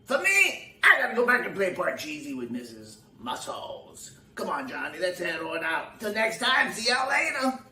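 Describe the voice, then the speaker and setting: A man's voice: high voice, sing-song, normal speed, few pauses, bright, forceful tone, full character voice. A man putting on a boastful, hammy character host who talks in a showy, rambling, folksy way. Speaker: segment host. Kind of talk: comic character bit on a livestream chat show.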